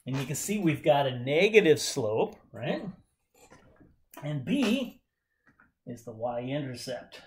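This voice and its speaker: A male chemistry teacher working through a whiteboard lesson. His voice swings up and down with animated energy, middling in pitch, and he jokes and cheers along the way. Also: slow pace, long pauses, slight background noise. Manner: enthusiastic, jokey, talks to students directly. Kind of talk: whiteboard lecture.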